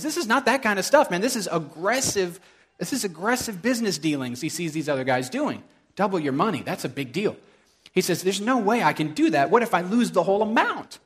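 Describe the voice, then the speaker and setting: A man's voice: high voice, fairly bright tone. A middle-aged male pastor preaching a sermon in a casual, storytelling way, with frequent asides to the congregation.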